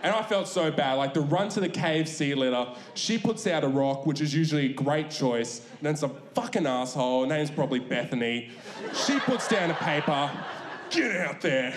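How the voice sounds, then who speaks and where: Laid-back young Australian comedian. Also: male voice, on the high side, lively intonation, normal speed, echoey room, a little hiss or hum. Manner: laid-back, swearing, storytelling. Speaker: stand-up comedian. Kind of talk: stand-up routine. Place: comedy club stage.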